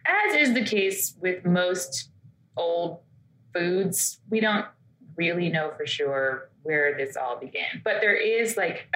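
A woman's voice: on the low side, fairly bright tone, echoey room, poor audio. A woman co-hosting a podcast, chatting casually and telling stories with quoted asides. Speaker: podcast co-host. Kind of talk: casual chat.

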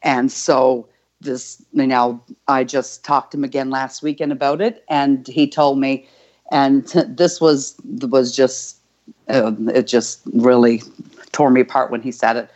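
A woman's voice: extremely low pitch, fairly even intonation, a little slow, darkish tone. An older grandmother from Canada, telling a heartfelt personal story as an interview guest, rambling with many fillers. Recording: dull lo-fi audio.

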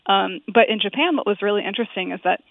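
A woman's voice: medium pitch, fast talker, vocal fry, no room sound. Woman author on a tinny call. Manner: thoughtful, many fillers like "um" and "like". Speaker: author and guest. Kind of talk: interview answer. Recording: tinny phone-line sound.

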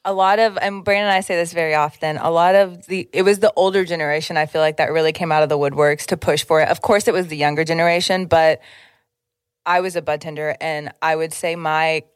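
A woman's voice: sits low, steady tone, fast talker, clean tone, dry recording, clean studio sound. A woman from Oklahoma co-hosting a podcast, chatting casually with lots of "like". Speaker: podcast co-host. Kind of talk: casual chat.

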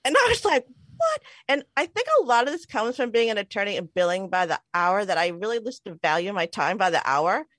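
A woman's voice: medium pitch, expressive, fast, few pauses, a bit bright, no echo. A woman in her forties, a podcast co-host, telling a personal story in a chatty, self-deprecating way, laughing often. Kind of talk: casual storytelling chat. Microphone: remote call mic.

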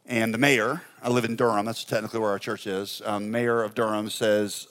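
A male pastor telling a story in a conference sermon, conversational and humorous, his voice climbing high when excited and dropping soft when reflective. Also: fairly quick, few pauses.

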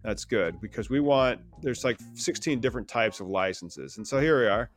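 A man co-hosting a casual podcast chat, reading out news items with quick joking asides. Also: medium pitch, lively intonation, faint music behind. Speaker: podcast co-host.

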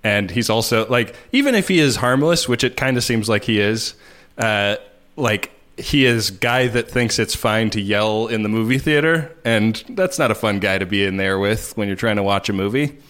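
A man's voice: lowish voice, moderate pace, a bit bright. A man co-hosting a podcast, telling a story in casual chat with lots of fillers and laughter. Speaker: podcast co-host.

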